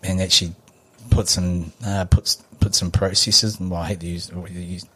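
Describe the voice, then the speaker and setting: Kiwi guy in his 40s, really low voice, rambly relaxed chat on a podcast. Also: normal speed, slightly rough. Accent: New Zealand. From New Zealand. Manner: laid-back, rambling, frequent fillers. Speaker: podcast guest. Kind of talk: casual storytelling chat.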